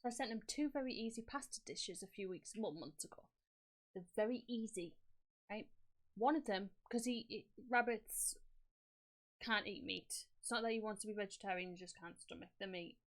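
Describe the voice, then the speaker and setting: A woman's voice: medium pitch, moderate pace. Chatty swearing woman podcast host. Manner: animated storytelling, frequent swearing and laughs. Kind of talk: casual chat.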